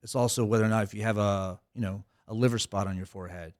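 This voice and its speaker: A man's voice: fairly low pitch, steady tone, quick pace, no room sound, studio quality. A middle-aged man talking as a cybersecurity consultant guest in a casual interview, loose and digressive with many "you know" fillers.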